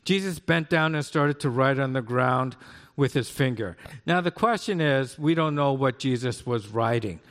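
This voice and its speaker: A man's voice: mid-range voice, normal speed, fairly bright tone. A man in his sixties preaching a conversational sermon as a pastor, often checking in with "right?". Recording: long hall reverb.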